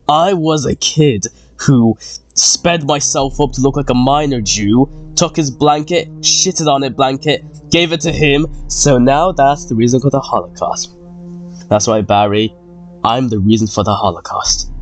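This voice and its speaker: Loud, crude young man gaming. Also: medium pitch, no echo. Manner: loud, crude, animated joking. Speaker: gamer. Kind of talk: gaming banter and voice chat.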